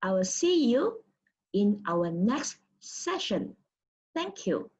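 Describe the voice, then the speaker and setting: A woman's voice: mid-range voice, sing-song, slow, a little mellow. A woman from Malaysia teaching Mandarin pronunciation in a recorded lesson, explaining patiently and sounding out example syllables. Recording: dull lo-fi audio.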